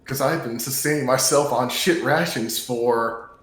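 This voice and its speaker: A man's voice: mid-range voice, unhurried, a bit bright. A man playing a tabletop game, chatting casually and joking with the group. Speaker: player. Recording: roomy echo.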